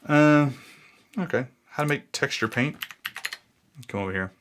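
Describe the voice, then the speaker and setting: A man's voice: on the high side, measured pace, fairly bright tone, slight background noise. A man in his thirties thinking aloud in a casual, easily sidetracked way as he walks through a screen recording. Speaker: blogging YouTuber.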